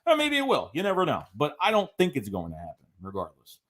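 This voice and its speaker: A man's voice: fairly high pitch, huge pitch swings, quick pace, fairly bright tone. A man hosting a live-stream fan show, ranting in a rambling way, repeating himself and reading out viewer chats. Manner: rambling, repeats phrases, many fillers; reads viewer chats aloud between rants. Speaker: fan channel host. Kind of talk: live-stream sports rant.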